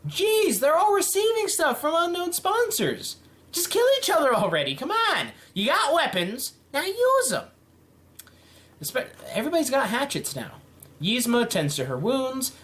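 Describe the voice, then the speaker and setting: A man reading out a simulation game's events and reacting to them with playful, animated commentary. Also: high voice. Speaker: YouTube game commentator.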